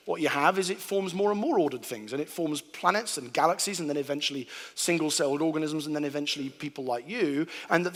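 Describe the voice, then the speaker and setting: A lively man preaching to a crowd in a large hall, his fairly high voice trailing off into long reverb. He tells his points as stories, acting out sounds and little voices with comic timing. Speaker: preacher giving a talk. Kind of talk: humorous sermon to a live audience. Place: large hall before an audience.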